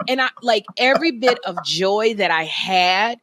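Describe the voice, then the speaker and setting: A middle-aged American woman co-hosting a podcast, chatting casually and acting out family stories with loud, animated quoted voices. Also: mid-range voice, moderate pace, few pauses, dry recording. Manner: animated storyteller, acts out quotes loudly. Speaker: podcast co-host. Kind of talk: casual comedic chat.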